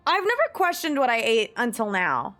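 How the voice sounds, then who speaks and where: Her voice a little high and a bit bright, this young woman streamer sounds very animated at a moderate pace. She chats and muses casually on her live stream, laughing frequently as she reads search results aloud.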